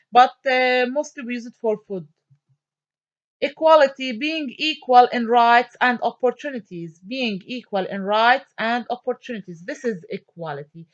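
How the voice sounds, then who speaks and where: Slow, high-voiced woman teacher. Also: a bit bright. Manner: slow, repeats each word and spells out letters. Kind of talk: online phonics lesson. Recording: dull lo-fi recording.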